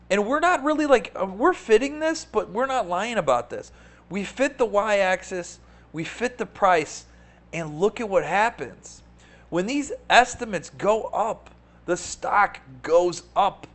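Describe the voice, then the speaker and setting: Man, high voice, market show host, casual webcast talk, sarcastic, animated. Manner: animated, sarcastic ranting with frequent "right?". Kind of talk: casual live webcast commentary.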